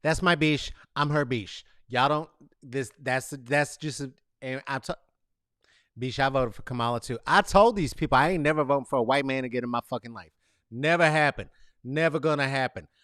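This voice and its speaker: A man's voice: mid-range voice, moderate pace, no room sound, studio quality. A man hosting a casual comedic monologue, rambling and swearing through mock boos and cheers; he has lived in the Bay Area for decades. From San Francisco Bay Area. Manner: swearing, rambling, animated rants with mock booing. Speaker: host.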